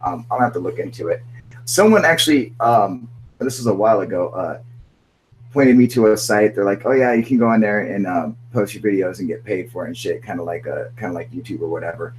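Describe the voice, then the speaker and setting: A man's voice: lowish voice, fairly quick, a little hiss or hum, low-quality recording. A man hosting a casual live-stream chat, rambling and swearing, calling everyone "dude", sounding burnt out. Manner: profane, rambling, says "dude" constantly. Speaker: channel host.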